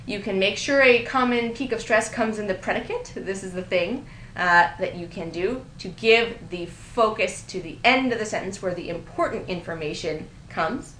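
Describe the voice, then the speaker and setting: Writing teacher, woman, mid-pitched voice, recorded grammar lecture, echoey room. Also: moderate pace, fairly bright tone, slight background noise. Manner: explanatory, lightly amused, reads examples aloud. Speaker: writing instructor. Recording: roomy echo.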